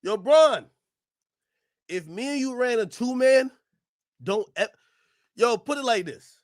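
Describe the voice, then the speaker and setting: A man ranting loudly and profanely to his chat during a live stream reaction. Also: very high-pitched, animated, slow, no echo, clean studio sound. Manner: loud, profane ranting, often shouting; talks to his chat and laughs between bits.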